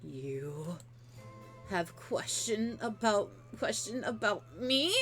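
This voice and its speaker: A woman voicing an excitable, obsessive male monster superfan with an axe in a video game, gushing and stammering. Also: medium pitch, slow, soft background music, voice pushed down, exaggerated voice. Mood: agitated.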